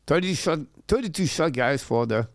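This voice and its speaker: This native French speaker, with a French accent, hosts a live hockey watch-along and reads viewer questions aloud. His answers come haltingly, full of filler sounds, in a slightly high, animated voice. The recording is dry with clean studio sound.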